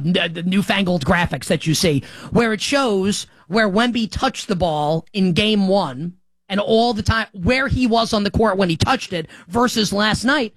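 A man hosting a sports opinion show, talking in an animated, sarcastic way. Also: high-pitched, dry recording. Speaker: sports talk host.

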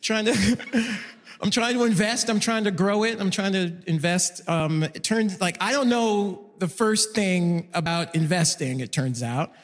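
A man performing a loud, animated stand-up comedy set in a large concert hall, acting out characters in his stories. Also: sits high, a little slow. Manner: animated, loud jokey delivery with voiced characters. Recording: live hall recording with reverb. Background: audience laughter.

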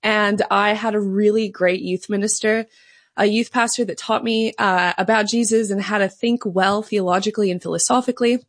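A woman's voice: medium pitch, steady tone, moderate pace, no echo, studio quality. A woman from Canada, telling her story in an earnest, fluent way as an interview guest. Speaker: guest, pro-life advocate. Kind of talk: interview conversation.

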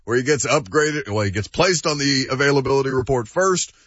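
Husky-voiced man debating sports. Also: mid-range voice, lively intonation, a little fast, a bit bright, no echo, dull audio. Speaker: sports talk show co-host.

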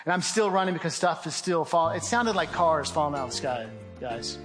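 A middle-aged man giving a dramatic spoken testimony, telling his story vividly and acting out his own shouts. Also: on the high side, lively intonation, fairly quick, faint music behind. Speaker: speaker giving a testimony presentation.

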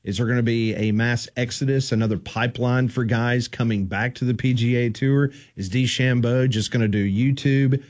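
A man's voice: mid-range voice, fairly even intonation, moderate pace, few pauses, darkish tone. A man co-hosting a sports radio show, asking direct questions. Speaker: radio co-host.

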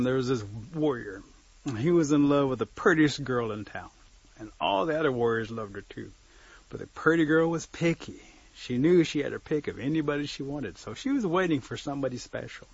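A man telling a traditional story aloud, animated, swinging between loud and soft, with joking asides. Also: medium pitch, breathy edge. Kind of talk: oral storytelling. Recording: dull lo-fi recording.

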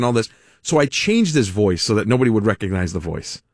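A man's voice: medium pitch, sing-song, a little fast, dry recording, clean studio sound. A man hosting a radio talk show, chatting casually, rambling with restarts and frequent laughter. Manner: rambling, laughing, self-interrupting.

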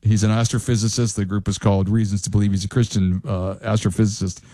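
A man's voice: on the low side, flat delivery, fast, mellow, no room sound. A male radio host telling a rambling anecdote, correcting himself as he goes and chuckling along. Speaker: radio talk show host. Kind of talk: casual radio storytelling.

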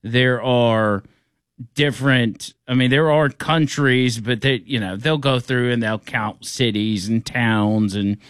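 A man's voice: medium pitch, slow, fairly bright tone, clean tone, dry recording, studio quality. A man hosting a talk radio show, chatting loosely and rambling from topic to topic. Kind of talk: casual talk radio chat.

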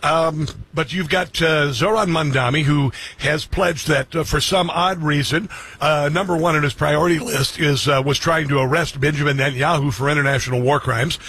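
A man's voice: a little high, steady tone, breathy edge. A man hosting a talk radio show, talking loosely with many fillers and bursts of laughter. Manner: loud, laughing, quick asides, many fillers. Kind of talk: conservative talk radio chat.

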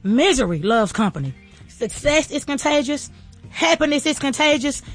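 A woman giving an emotional, preachy motivational talk, teary and repeating herself as she builds to shouts. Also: sits high, sing-song, moderate pace, soft background music. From Atlanta area. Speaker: restaurant owner.

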